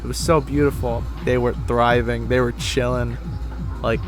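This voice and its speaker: A young man telling a personal story in a rambling, casual way, full of "like" and "you know", moving between glum and excited. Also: medium pitch, moderate pace, music in the background. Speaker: vlogger.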